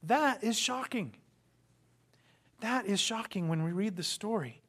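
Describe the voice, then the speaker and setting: High-voiced man preaching a sermon. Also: expressive, unhurried, fairly bright tone, breathy edge. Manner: dramatic storytelling, acting out quotes, rhetorical questions. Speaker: pastor.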